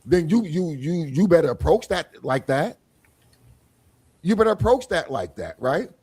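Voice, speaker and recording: A male podcast host with a fairly high, husky voice and an unhurried delivery hosts a casual group talk show. He tells colorful stories through analogies, performs others' lines, repeats phrases, and laughs often.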